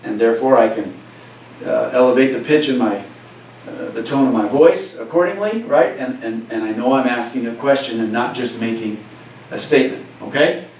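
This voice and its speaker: A male teacher lectures in a plain, conversational way, often asking "right?" to check on his class. His voice sits at an average pitch and carries a heavy room echo. He sounds far from the mic, with faint ambient noise behind him. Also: normal speed, a little mellow. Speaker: Spanish teacher. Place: classroom, recorded for cameras.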